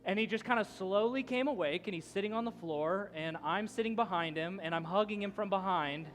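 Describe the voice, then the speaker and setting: Over soft background music, a man in his thirties delivers a sermon as a pastor, his voice sitting high and his pace a little fast. He tells a rambling, conversational story full of restarts that climbs to loud shouting at its peak.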